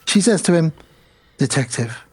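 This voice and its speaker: A man's voice: mid-range voice, moderate pace, husky. A man co-hosting a horror film podcast, recapping the plot step by step and quoting the characters. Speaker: podcast co-host. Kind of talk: casual film review chat.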